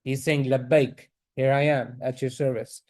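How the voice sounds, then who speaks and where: A man teaching a class in a mosque, reading Arabic verses rapidly and then explaining them. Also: mid-range voice, level tone, a little mellow.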